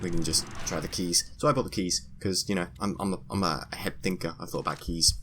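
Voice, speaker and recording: A man giving chatty let's-play commentary, muttering to himself and breaking into excited squeals. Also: low-pitched, brisk, a little hiss or hum. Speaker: gameplay commentator.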